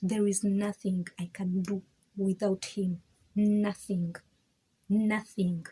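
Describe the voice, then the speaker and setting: Woman, candid testimony, very breathy raspy tone, warm dark timbre, emphatic, repeats herself. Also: mid-range voice, little pitch movement, slow pace, rough recording. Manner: emphatic and frank, with many repeats and restarts; laughs between points. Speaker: vlogger sharing her faith testimony.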